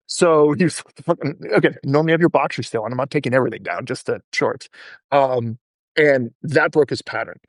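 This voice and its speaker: A man's voice: mid-range voice, no echo, clean studio sound. A male podcast host telling stories in a casual interview chat and acting out the people he quotes. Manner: animated, acts out quoted people in his stories.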